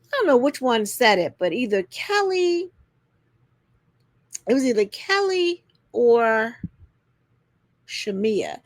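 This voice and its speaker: A woman's voice: sing-song, slow, long pauses, no echo. A woman hosting a casual reality TV recap, sassy and direct with viewers, acting out quotes in a put-on voice. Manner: sassy, talks straight to viewers, acts out quotes with pitch jumps.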